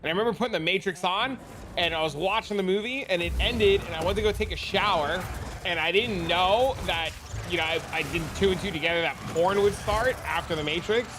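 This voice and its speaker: A man's voice: high-pitched, fairly quick, background noise. A man streaming a game and telling crude joking stories in casual chat, swearing often.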